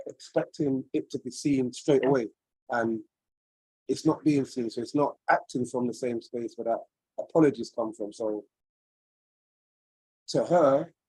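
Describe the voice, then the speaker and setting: Earnest man with a husky voice. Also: medium pitch, a little mellow, dry recording, poor audio. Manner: earnest, searching, rambling reflection. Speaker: webinar participant. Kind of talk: personal sharing in a group call. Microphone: video call.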